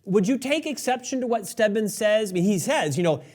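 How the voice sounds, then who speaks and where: Measured male podcast host, higher voice. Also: expressive, a little mellow. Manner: measured, sets up questions with a quote. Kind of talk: interview questions.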